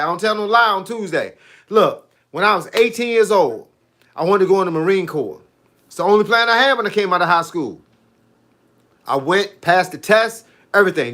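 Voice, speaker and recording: A man's voice: high-pitched, brisk. A man, chatting casually on a livestream as a fitness coach, telling stories and reacting to viewer comments. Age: 50s. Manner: animated, storytelling, reading out viewer comments.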